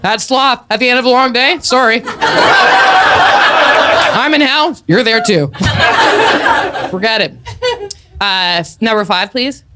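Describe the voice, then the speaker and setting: A woman performing a stand-up comedy set on stage before a small audience, playful and rambling, breaking into loud put-on voices. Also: a little high, takes it slowly, pauses often, heavy background noise.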